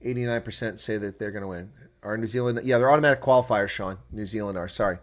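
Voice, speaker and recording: A man calling a rugby match live on his own stream, muttering while he checks scores and growing loud and heated when play picks up or a referee call goes against his side. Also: on the low side, fast talker. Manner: gets loud and excited during play, argues with referee calls. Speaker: live reaction commentator.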